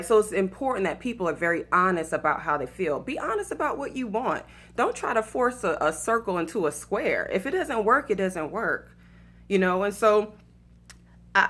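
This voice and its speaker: A woman's voice: fairly low pitch, fairly bright tone. A woman from Atlanta with a Southern accent, telling a personal story and giving relationship advice in a chatty, casual way full of fillers and faith-based asides. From Atlanta, Georgia, USA. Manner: chatty, lots of fillers, laughs at her own story, preachy asides.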